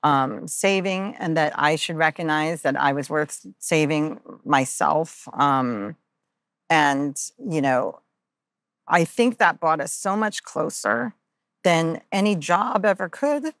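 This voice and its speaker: A woman's voice: low voice, slow pace, a bit bright, dry recording, clean studio sound. A woman guest on a podcast telling a personal story candidly and earnestly, with many ums and uhs, and acting out the lines of people in it. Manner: earnest, lots of ums and uhs, acts out quoted dialogue.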